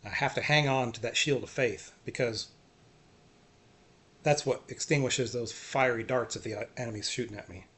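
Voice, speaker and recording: A man giving an earnest, self-encouraging faith talk, repeating short phrases and often trailing off softly. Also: mid-range voice, fairly even intonation, moderate pace. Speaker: faith vlogger. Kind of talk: personal faith talk to camera.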